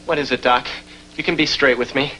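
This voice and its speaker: A man's voice: mid-range voice, steady tone, brisk, bright, forceful tone, a little hiss or hum, natural voice, low-quality recording. An actor playing a childish, melodramatic grown man visiting his doctor, whiny and theatrical with nervous laughs. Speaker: patient. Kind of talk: sitcom acting.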